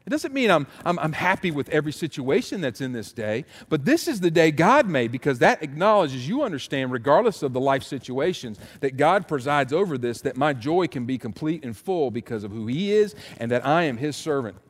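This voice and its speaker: A middle-aged man preaching a sermon as pastor, animated and emphatic with repeated refrains. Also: a little high, a little fast, hardly any pauses. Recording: long hall reverb.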